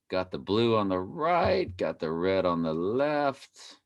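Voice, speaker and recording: A man's voice: low-pitched, very animated, takes it slowly. A man giving casual, playful commentary over a video he plays, repeating phrases in a mock chant and breaking into sudden exclamations.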